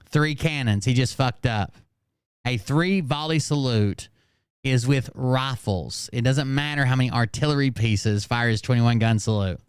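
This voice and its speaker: A man with a Southern accent talks in a relaxed, mocking way, swearing freely and poking fun at the clips he plays. His voice is smooth and clear, recorded close and dry. He sits at a mid pitch and keeps a loose, offhand tone. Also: measured pace, no echo. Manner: sarcastic, profane, mocking. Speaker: host. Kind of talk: casual commentary.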